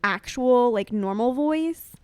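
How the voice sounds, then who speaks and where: A woman co-hosting a podcast who chats casually and hedges her points with plenty of filler words. Her voice is a little higher than average and smooth, recorded close and dry. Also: lively intonation, slow pace, darkish tone, dry recording. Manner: hedging, lots of "like" and "I mean". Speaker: podcast co-host. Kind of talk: casual chat.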